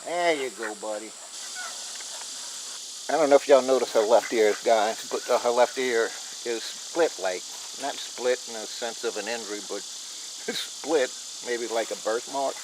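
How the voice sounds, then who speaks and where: Folksy man vlogging outdoors, loud crickets. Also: mid-range voice, unhurried, background noise. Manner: folksy, talks straight to viewers as "y'all" and "guys". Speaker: homestead vlogger. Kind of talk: casual chat to camera. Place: outdoors on a rural homestead.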